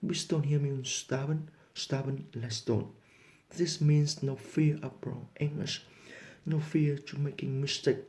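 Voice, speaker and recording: Earnest male English teacher, Vietnamese first language, average pitch, reads both parts of practice dialogues. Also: fairly even intonation, measured pace, a little mellow. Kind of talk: motivational lesson and dialogue reading.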